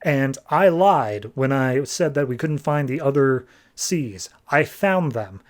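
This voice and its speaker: A man's voice: medium pitch, lively intonation, slow. A man voicing a scheming, ambitious male sea king villain with a grandiose, boastful delivery.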